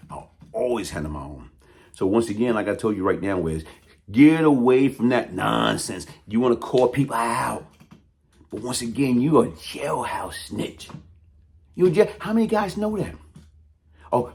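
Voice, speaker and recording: A man's voice: fairly low pitch, creaky, a little mellow. Heated New man calling someone out. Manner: heated, taunting, repetitive street talk. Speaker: YouTube commentator. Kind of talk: confrontational call-out monologue.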